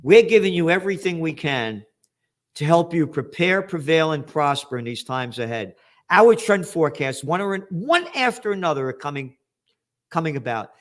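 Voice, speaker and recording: A man's voice: on the high side, expressive, normal speed, fairly bright tone. A man in his seventies with a New York accent, giving a blunt, profane, combative commentary monologue as host. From United States. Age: 70s.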